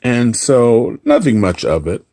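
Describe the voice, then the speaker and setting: A man's voice: mid-range voice, huge pitch swings, measured pace, warm tone, no room sound. A middle-aged man, a hotel front desk clerk, casually telling a story and acting out the dialogue with dry humor.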